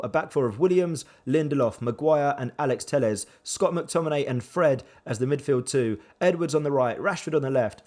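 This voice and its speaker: A young man commentating his own football management game with animated swings between excitement and dejection. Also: mid-range voice. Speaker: gaming YouTuber.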